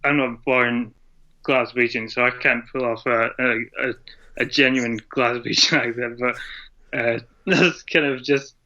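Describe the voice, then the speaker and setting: A man's voice: mid-range voice, steady tone, unhurried, pushed and bright. A man from Scotland, a guest on a podcast, chatting casually in a rambling, hesitant way and laughing often. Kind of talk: casual interview chat. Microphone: video call. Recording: dull lo-fi internet call audio.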